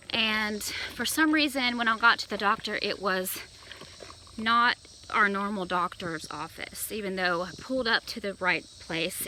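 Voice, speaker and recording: A woman's voice: on the high side, sharp tone, slight background noise, poor audio. A young woman chatting casually while walking outdoors with a stroller, a little out of breath, with many fillers and restarts. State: slightly out of breath. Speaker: vlogger. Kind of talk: casual vlog storytelling. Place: outdoors in a yard. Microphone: phone camera held while walking.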